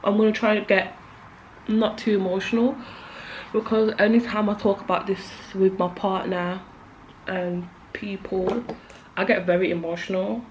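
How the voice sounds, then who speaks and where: A nervous young beauty vlogger chats confessionally while doing her makeup, sounding jittery and emotional and trailing off with lots of "likes." Her mid-range voice is delivered flatly at a moderate pace. The audio has the highs cut off and slight background noise.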